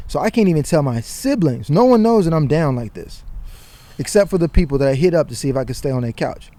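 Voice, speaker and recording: Animated man telling a story, mellow voice. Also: fairly high pitch, fast talker. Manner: animated, swearing, slangy. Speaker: guest. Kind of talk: casual storytelling.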